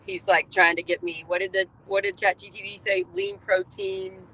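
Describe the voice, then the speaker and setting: A woman talking openly and warmly about her life in a candid personal vlog, chatty and heartfelt, with plenty of fillers, recorded inside a car. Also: mid-range voice, little pitch movement, moderate pace, rough recording. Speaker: vlogger sharing her health journey.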